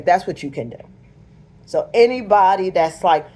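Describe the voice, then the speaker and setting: In a casual direct-to-camera vlog, an American woman lectures her audience emphatically, almost preachily. She speaks at a moderate pace in a lowish voice with a slightly dark tone.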